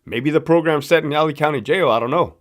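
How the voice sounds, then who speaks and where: A man's voice: fairly high pitch, fast. A man from Southern California with a local accent, hosting a casual live stream and answering viewer questions in a slangy, profane, loose storytelling way. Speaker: livestream host, former prison guard.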